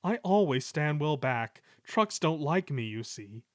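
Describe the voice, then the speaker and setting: A man's voice: on the high side, very animated, a little slow, no room sound, clean studio sound. A man voicing a grumbling, self-pitying male steam engine in a storybook reading, with a whiny, sheepish manner.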